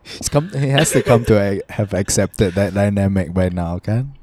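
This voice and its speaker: A man's voice: on the low side, normal speed, a little mellow, dry recording. A young man, co-hosting a casual podcast and adding dry jokes. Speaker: podcast co-host. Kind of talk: casual chat.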